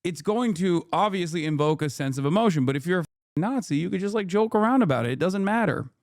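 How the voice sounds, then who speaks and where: A man with a fairly high voice rants on a stream about politics, cursing freely and lecturing his chat. His delivery is emphatic and casual. The sound is dry, with no room echo. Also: animated, fast, a little mellow. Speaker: streamer reacting to a clip.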